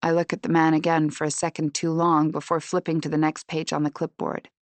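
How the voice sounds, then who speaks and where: A woman narrating a suspense audiobook in the first person, measured and tense. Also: low-pitched, little pitch movement, no echo.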